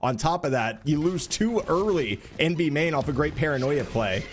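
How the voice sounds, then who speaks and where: Male esports caster, high and excited. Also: moderate pace, music in the background. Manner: analytical, asks rhetorical questions, rises excitedly during action. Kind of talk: play-by-play commentary.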